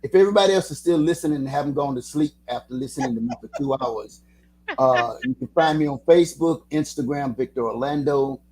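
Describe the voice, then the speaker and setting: A man in his seventies, a guest musician on a radio show, chatting casually and telling animated stories with quick voice impressions. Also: medium pitch, crowd noise. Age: 70s. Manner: animated storyteller, slips into impressions.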